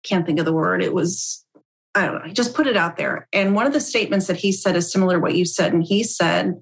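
A middle-aged woman hosting a podcast interview, chatting in an animated way and laughing through her stories. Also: fairly low pitch, fast talker, vocal fry. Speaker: podcast host. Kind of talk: casual interview chat.

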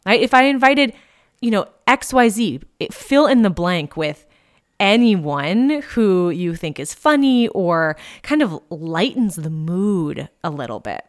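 A woman's voice: mid-range voice, big pitch swings, unhurried. A woman in her thirties, a coach talking casually and candidly on her podcast, with lots of fillers and the odd swear.

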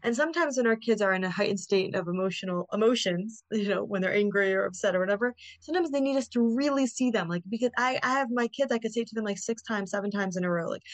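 A woman's voice: medium pitch, fast, few pauses, no echo. Woman, middle-aged, podcast guest, earnest explainer, dry close mic. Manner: earnest, explanatory, often acts out what parents say to kids. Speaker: guest, parenting coach. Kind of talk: podcast interview.

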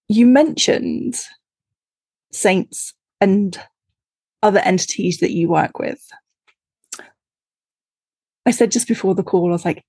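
A woman podcast host with a husky, breathy voice talks close and dry. She is chatty and animated, quick to laugh between her questions. Her pitch sits in an ordinary middle range. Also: dry recording. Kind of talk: casual interview chat.

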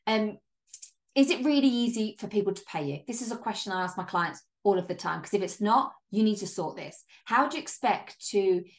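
Woman host, mid-pitch, punchy pep-talk delivery, casual swearing, chatty fillers. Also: a little fast. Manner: upbeat, emphatic, casual swearing; chatty with frequent "like" and laughs. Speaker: podcast host and business coach. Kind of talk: solo podcast monologue.

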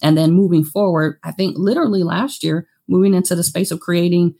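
A woman speaks with a gravelly, husky edge to her voice, pitched somewhat low. She talks as an interview guest, frank and animated, telling her business story in a casual way. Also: fairly quick. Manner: frank, animated, slips into quoted self-talk. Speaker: therapist and business owner guest.

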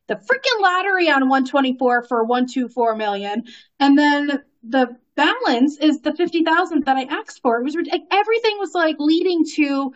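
A woman telling a long story in casual conversation, animated, laughing often and using lots of fillers. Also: high voice, muffled recording. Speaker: guest.

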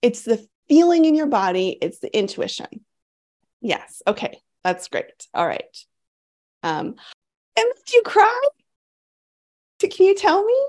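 A woman's voice: a little high, very animated, measured pace, long pauses, a little mellow. A woman coach in her thirties talking candidly to an online group, giggling often and speaking in a rush of feeling. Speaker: sex coach leading a group program. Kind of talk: casual talk to a live online group.

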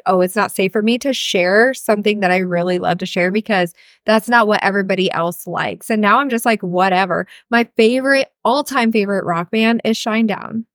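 Frank chatty woman podcasting solo, middle pitch, dry close sound, cusses freely. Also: fairly bright tone, no echo. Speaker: podcast host and healer coach. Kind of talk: casual solo podcast talk.

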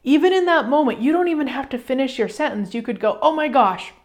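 A woman hosting a radio show, giving a casual motivational talk in an animated way, acting out little quoted exchanges and swearing now and then. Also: high-pitched, fast.

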